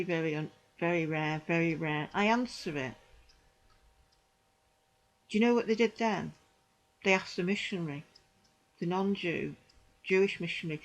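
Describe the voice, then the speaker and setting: Poor audio carries this mid-range female voice. The speaker, a middle-aged vlogger, gives an indignant, emphatic testimony about her church experiences, often saying phrases again for emphasis.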